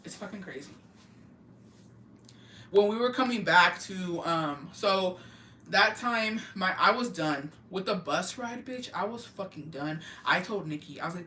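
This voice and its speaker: A woman's voice: lowish voice, lively intonation, measured pace, sharp tone, a little hiss or hum. A woman from Texas telling stories in casual chat, profane and gossipy, mixing in Spanish words. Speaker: livestream host. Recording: roomy echo.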